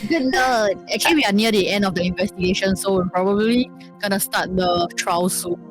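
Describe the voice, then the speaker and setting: A woman co-streamer with a mid-pitched voice who answers in short, dry lines, often repeating the host's words back to her. Faint music runs quietly underneath. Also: fairly quick. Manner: brief, dry replies, echoing the host. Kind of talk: casual live-stream chat.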